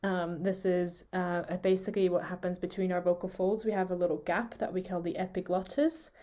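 A native Swiss German speaker co-hosts a podcast lesson in a casual, chatty way, explaining how consonants are formed and demonstrating them aloud with frequent laughter. Her lowish, mellow voice is fairly quick and varies little in pitch.

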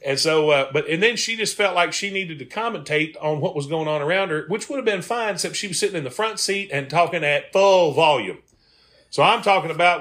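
Bright-voiced comic storyteller. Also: male voice, a little high, expressive, fairly quick. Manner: folksy, laughing, acts out quoted people. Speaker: comedy bus tour guide and podcast host. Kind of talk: casual podcast storytelling.

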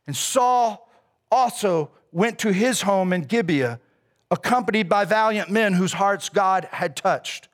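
A man preaching a sermon as a pastor, casual and animated, with slang. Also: sits high, measured pace.

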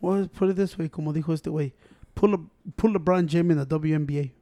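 A man co-hosting a casual chat, talking in a profane, animated way and saying "bro" a lot. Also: a little high, fast.

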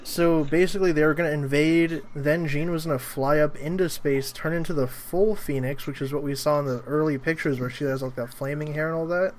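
A man's voice: fairly high pitch, fairly even intonation, a little fast, few pauses. A man in a casual chat, laying out behind-the-scenes details at length and hesitating with fillers. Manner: explaining trivia at length, with frequent "uh" fillers.

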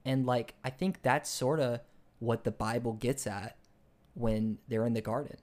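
A young man co-hosting a casual podcast, retelling a book in a rambling way with many restarts and fillers, and growing excited when he argues ideas. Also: mid-range voice, a little slow. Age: young adult. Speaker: podcast co-host.

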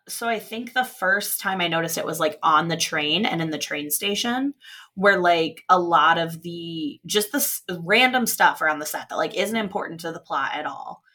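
A young woman with a slightly low voice, chatting casually as she recaps a movie plot. She laughs often and drops quick quoted lines from the characters as she goes. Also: sharp tone. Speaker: podcast co-host.

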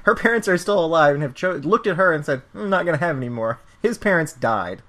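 Wry, profane man with lively pitch. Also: fast talker. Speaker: podcast co-host. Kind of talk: casual comedic review chat.

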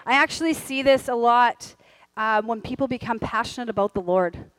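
A middle-aged woman preaching a sermon from a church stage, candid and humorous, with quieter earnest stretches. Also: fairly high pitch, normal speed, dry recording, poor audio. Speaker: pastor.

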